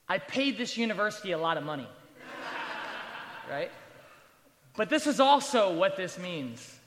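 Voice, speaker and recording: Preaching to students from the altar of a big university chapel, this man in his thirties keeps things casual and funny, dropping in rhetorical asides. His very high voice sounds pushed and bright, carried by the sound of a large room.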